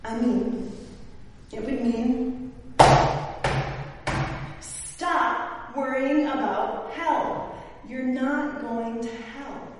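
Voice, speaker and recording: A woman pastor preaching a sermon, slow and emphatic, now and then rising to an exclamation. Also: a little high, noisy background. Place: church sanctuary. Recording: echoey church hall from far off.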